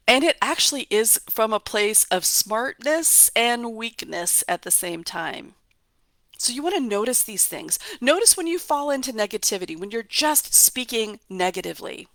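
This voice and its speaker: A woman's voice: medium pitch, vocal fry, a bit bright, no room sound. Emphatic woman giving a motivational talk. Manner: emphatic, repetitive, coaching. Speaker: host.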